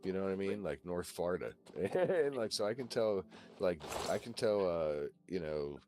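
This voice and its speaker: A man's voice: low voice, big pitch swings, moderate pace, darkish tone, slight background noise. A man from Virginia chatting on a voice call, rambling and swearing, with lots of "you know" and "like". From Virginia, USA. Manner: rambling, profane, full of fillers. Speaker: voice-call participant. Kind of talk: casual chat on a voice call.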